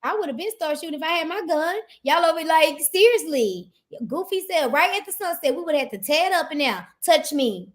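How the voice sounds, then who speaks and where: A woman's voice: high voice, animated, a little fast, few pauses. A woman giving casual reaction commentary on a video, indignant and ranting.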